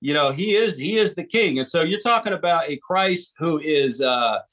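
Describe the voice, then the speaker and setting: American male guest, author-preacher, earnest and emphatic, pitched a bit high. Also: animated, normal speed, a bit bright. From United States. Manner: earnest, emphatic, with frequent restarts. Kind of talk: podcast interview conversation.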